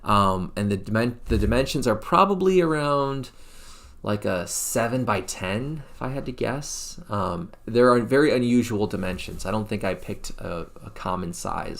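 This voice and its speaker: A man with a low, gravelly voice talks through his paintings on a relaxed live stream. He muses aloud, often pausing on fillers and restarting sentences as he goes. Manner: rambling, thinks aloud with many fillers and restarts. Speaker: painter presenting his studio work. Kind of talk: casual live-stream presentation.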